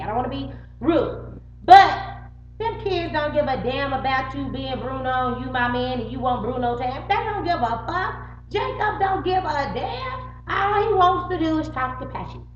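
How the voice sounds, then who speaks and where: A middle-aged woman with a fairly high voice recounts a fight in a loose, animated vlog style. She curses without hesitation and jumps between her own lines and everyone else's. The recording is roomy and slightly muffled, with a faint hum under it. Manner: animated, swears freely, acts out both sides of arguments. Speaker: vlogger. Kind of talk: casual storytelling to camera.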